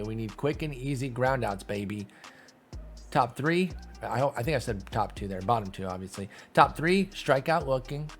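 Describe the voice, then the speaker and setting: A man giving casual play-by-play commentary over a sim baseball game, calling out results quickly and joking. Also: mid-range voice, a little hiss or hum. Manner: animated, quick call-outs, self-deprecating laughs. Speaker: gaming YouTuber.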